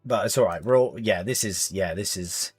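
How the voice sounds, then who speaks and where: A young man with a lowish, breathy voice chats at normal speed on a gaming stream while playing, with faint music behind and no room sound. Rambling and chatty, he chuckles and addresses his viewers as mate.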